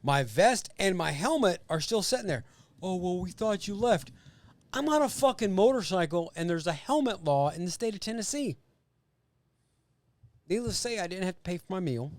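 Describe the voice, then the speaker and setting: A man's voice: sits high, moderate pace, dry recording. A man co-hosting a podcast, telling casual stories with profanity and acted-out voices. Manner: animated, profane, acts out voices and sounds. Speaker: podcast co-host. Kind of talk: casual storytelling chat.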